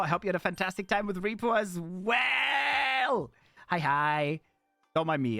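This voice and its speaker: A man streaming live in casual chat, playful and animated, jumping from excited squeals to low mutters. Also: moderate pace, creaky, no echo, faint music behind.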